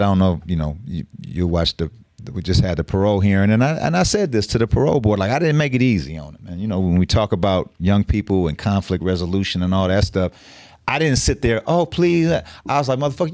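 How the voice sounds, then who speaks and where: A man's voice: low-pitched, animated, fast talker, a little mellow, dry recording, clean studio sound. A middle-aged man telling a story on a podcast, casual and profane with street slang. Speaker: podcast guest.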